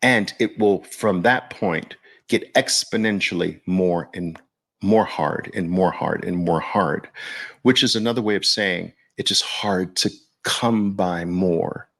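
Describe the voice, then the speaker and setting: A man with a low, gravelly voice hosts a casual livestream, talking slowly and loosely to his viewers. He often checks in with them directly as he goes. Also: fairly bright tone. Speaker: podcast host.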